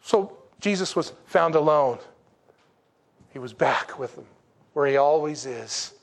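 A man preaching a sermon in a conversational, folksy way, with rhetorical questions and slow, emphatic declarations. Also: a little high, expressive. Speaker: pastor.

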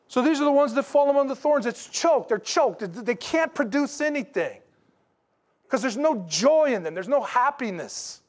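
A man preaching a sermon in a folksy, animated way, with asides to the congregation. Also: extremely high pitch. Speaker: pastor.

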